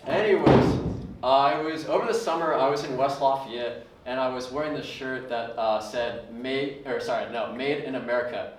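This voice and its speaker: A young man doing a chatty, hesitant stand-up bit at an open mic. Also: medium pitch. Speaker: stand-up comedian. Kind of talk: stand-up comedy set. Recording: echoey room, distant mic, faint hiss.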